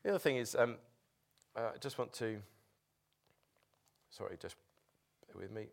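A man preaching a sermon as pastor, animated, laughing easily and breaking off into halting restarts. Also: fairly low pitch, gravelly.

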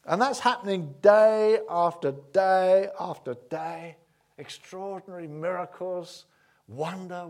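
A man preaching a sermon, telling the story with animated acting-out and swings from loud exclamations to hushed tones. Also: on the high side, husky.

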